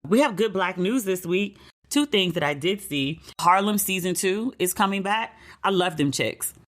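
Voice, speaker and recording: Speaking at a normal speed in an animated, mid-range voice with a fairly bright tone, a middle-aged American podcast host chats casually. She tells stories and raises her voice to play the people she quotes.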